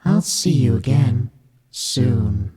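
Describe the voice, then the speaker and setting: A man's voice: mid-range voice, sing-song, takes it slowly, warm tone, breathy edge, pitched above the performer's own voice, exaggerated voice. A man voicing a skinwalker that imitates an old grandmother's voice, eerie and distorted. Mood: menacing.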